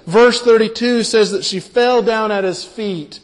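Earnest preacher in an echoing hall. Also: male voice, high voice. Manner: earnest, repeats words, slows down and drops soft for emphasis. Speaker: pastor. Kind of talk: sermon on a Bible passage.

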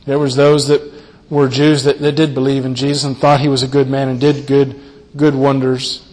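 Earnest preacher in an echoing hall. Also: male voice, medium pitch, little pitch movement. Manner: earnest, repeats words, slows down and drops soft for emphasis. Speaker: pastor. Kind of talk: sermon on a Bible passage.

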